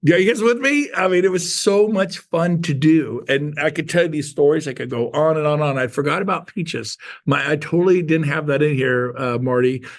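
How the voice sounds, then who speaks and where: A male sales speaker with a gravelly, creaky edge to a slightly high voice. He tells his stories in a punchy, playful, folksy way and acts out every bit of dialogue. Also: fairly quick, hardly any pauses. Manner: animated storyteller acting out dialogue. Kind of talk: storytelling talk to an audience.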